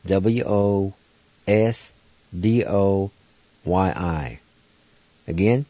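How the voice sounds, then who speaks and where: Man, low mellow voice, slow deliberate radio lesson, dry dull lo-fi sound. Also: no room sound. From Oklahoma, United States. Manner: patient, spells words out slowly. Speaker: language teacher. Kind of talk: slow radio language lesson, spelling out syllables.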